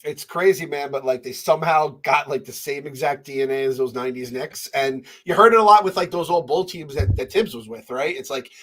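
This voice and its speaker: A man's voice: medium pitch, fairly quick, few pauses, fairly bright tone. A man co-hosting a sports podcast, easygoing and casual, with some swearing. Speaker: podcast co-host.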